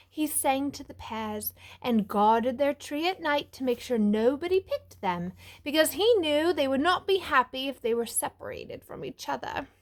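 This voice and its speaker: A woman teacher reading a storybook aloud to young children in a put-on British accent, lively and expressive. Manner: lively, expressive storyteller with big pitch swings. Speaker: music teacher.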